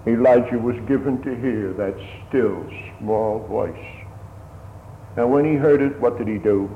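A man preaching a sermon slowly and solemnly, building to raised emphasis at times. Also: mid-range voice, a little hiss or hum. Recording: tinny phone-like sermon recording in an echoey hall.

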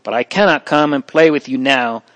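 A gentle older brother from a storybook, calm and reassuring as he comforts his family, as a male narrator reads him. The voice is soft and close to the narrator's own. It is recorded dry. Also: mid-range voice, moderate pace, dry recording, natural voice. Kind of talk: audiobook reading.

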